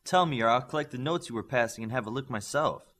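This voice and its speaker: A man's voice: medium pitch, fast, a bit bright, close to an everyday voice. A man voicing a proud, stern female teacher with a Scottish accent, dry and pointed in how she speaks. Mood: stern teacherly.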